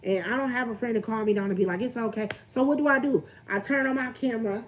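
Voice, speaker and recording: A woman's voice: a little high, fast talker, slight background noise. Candid young woman venting on a livestream. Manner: candid, talks straight to the camera and greets viewers. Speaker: vlogger on a livestream.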